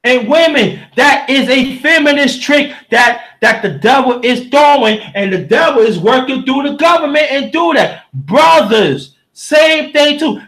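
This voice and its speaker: A man with a strikingly high, sharp and forceful voice delivers a fiery livestream rant. He preaches at his listeners, often breaking into shouts. He stops now and then to respond to his chat. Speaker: livestream host reading chat.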